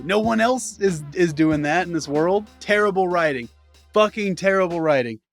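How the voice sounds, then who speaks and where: A man's voice: fairly high pitch, a bit bright. A man ranting through a sarcastic, profane comedic anime review, exasperated. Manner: acts out characters in mocking voices.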